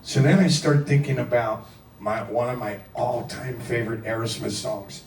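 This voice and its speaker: A man from Philadelphia, a rock singer, telling a casual anecdote in an animated, profane, self-deprecating way and acting out the quotes. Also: medium pitch, moderate pace, creaky, slight background noise. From Philadelphia, USA. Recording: roomy echo, distant mic, faint music.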